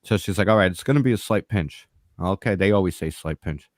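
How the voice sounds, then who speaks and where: A man with a fairly low voice spins a story in casual podcast chat. He swears freely and acts out each exchange of dialogue with lively energy. The sound is dry and close, with no room around it. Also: brisk, no echo. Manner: profane, animated, acts out dialogue. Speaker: podcast co-host.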